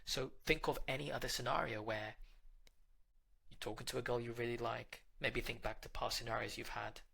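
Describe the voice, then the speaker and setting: A man delivers a direct, coaching monologue of dating advice, speaking right to the listener. His voice is gravelly with a bright, forceful edge and a husky grain. He sits at a middling pitch for a man. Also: fairly even intonation, normal speed.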